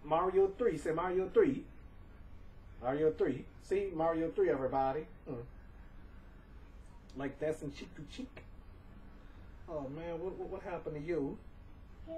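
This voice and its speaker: Slow, coaxing man at home. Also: on the high side, darkish tone. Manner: chatty, coaxing, repeats words and stammers. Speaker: home video maker. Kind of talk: casual home video talk. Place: indoors at home. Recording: voice distant from the camera mic, faint room noise.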